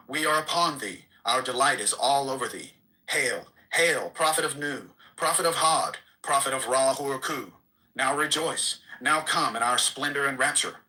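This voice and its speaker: A man's voice: medium pitch, bright, forceful tone, poor audio. A man giving a solemn, declamatory reading of an archaic scriptural text. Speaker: reader.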